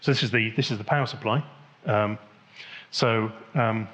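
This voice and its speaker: A man's voice: lowish voice, moderate pace, fairly bright tone. Rambling man giving a talk. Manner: rambling, many restarts and fillers. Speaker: conference speaker. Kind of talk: technical conference talk. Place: conference hall.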